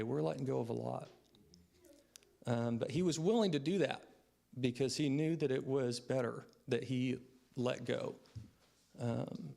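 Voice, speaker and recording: A man's voice: medium pitch, gravelly, darkish tone. A man in his thirties giving a funeral eulogy for his grandfather, telling stories in a reflective way with frequent "um" fillers. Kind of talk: funeral eulogy, personal storytelling. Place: funeral service.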